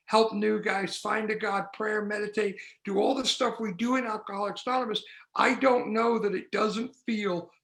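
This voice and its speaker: At a recovery meeting, a man with a high, creaky, fairly bright voice tells his story candidly and mocks himself, his intonation fairly even and his pace normal. He leans on rhythmic repetition and acts out the voices in his head and bits of dialogue, all in an echoey room.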